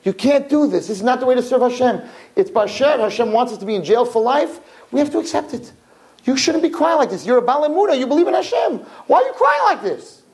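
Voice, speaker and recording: A man's voice: very high-pitched, very animated, fast, voice pushed up, full character voice, rough recording. A man voicing a fervent, joyous prisoner. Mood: urgent pleading. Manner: urgent, pleading, rising to joyful shouts.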